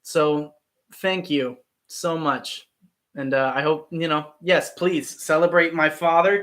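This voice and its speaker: A man's voice: on the high side, steady tone, takes it slowly, fairly bright tone. A man in his twenties, an actor and channel host, chatting casually on a live stream and answering viewer comments. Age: 20s.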